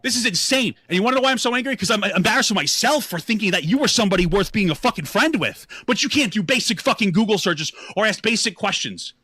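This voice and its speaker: A man's voice: high-pitched, expressive, fast, few pauses, sharp tone, breathy edge, dry recording. A man livestreaming angry, profane commentary with a sarcastic edge.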